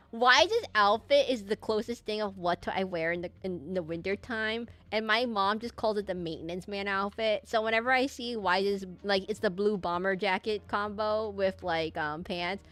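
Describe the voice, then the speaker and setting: A young woman streaming a game rambles and laughs while telling stories to her chat in casual gameplay conversation. Her voice is mid-range and a bit bright, with game music playing behind her.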